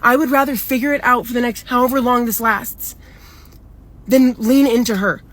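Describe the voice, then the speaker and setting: Young woman ranting a storytime, kinda high voice, swears constantly, says like a lot. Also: steady tone, moderate pace, fairly bright tone. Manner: upset, rambling, heavy swearing, many "like" fillers. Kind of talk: casual storytime vent.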